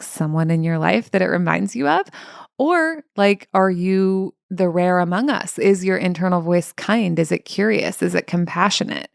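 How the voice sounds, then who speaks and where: A woman's voice: fairly low pitch, gravelly, dry recording, clean studio sound. A young adult woman hosting a solo coaching podcast, talking casually with lots of "like" fillers and acting out inner voices.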